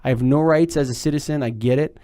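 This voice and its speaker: A man hosting a podcast in casual chat, telling stories in a rambling, animated way and calling people man and dude. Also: mid-range voice, fast, a little hiss or hum. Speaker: podcast host.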